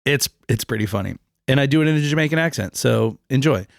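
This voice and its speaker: A man's voice: mid-range voice, lively intonation, fast, creaky. A man co-hosting a podcast, rambling loosely and joking through the outro. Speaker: podcast co-host.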